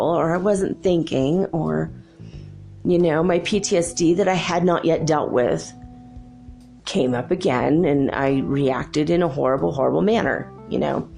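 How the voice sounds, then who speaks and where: A woman's voice: on the low side, vocal fry, darkish tone. A middle-aged woman hosting a spiritual podcast, chatting and rambling through stories and laughing often. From United States. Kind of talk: casual spiritual talk.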